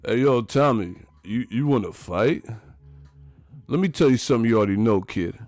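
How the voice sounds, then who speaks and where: A man's voice: medium pitch, animated, normal speed, a little mellow, no room sound, close to an everyday voice. A man doing a mumbling tough boxing mentor. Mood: gritty lecturing.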